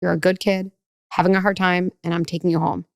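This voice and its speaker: A woman speaking as a parenting expert in a podcast conversation, talking quickly and acting out children and parents with lively shifts in her voice. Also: on the low side, creaky, no echo, studio quality. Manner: fast, animated, acts out kids and parents with voice shifts.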